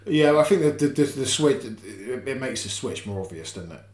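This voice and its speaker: A man's voice: medium pitch, animated, a little fast, darkish tone. A man co-hosting a podcast, telling casual stories about a horror film and his old job. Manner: laid-back storyteller, swears and chuckles. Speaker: podcast co-host. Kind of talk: casual film-discussion chat. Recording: echoey room.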